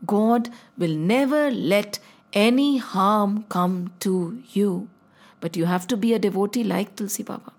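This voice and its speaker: A woman telling a devotional story to a child in an animated way, often asking the listener questions. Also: mid-range voice.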